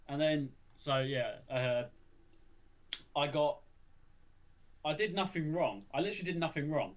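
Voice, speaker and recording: A man's voice: on the high side, fairly quick, dull audio. A young man, telling a school story in casual chat, rambling with frequent restarts and swearing. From England. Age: young adult. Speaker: podcast co-host.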